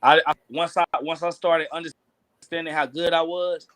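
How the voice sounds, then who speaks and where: Laid-back Kentucky rapper, dry close sound. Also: male voice, on the high side, level tone, normal speed, a bit bright, dry recording. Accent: Kentucky Southern. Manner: laid-back slangy storytelling. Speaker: rapper guest. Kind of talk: casual interview chat.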